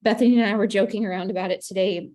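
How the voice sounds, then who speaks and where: A woman's voice: mid-range voice, fairly even intonation, rapid-fire, warm tone. A woman leading an evening video call with her team, giving a casual, upbeat pep talk. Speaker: team leader hosting a business call.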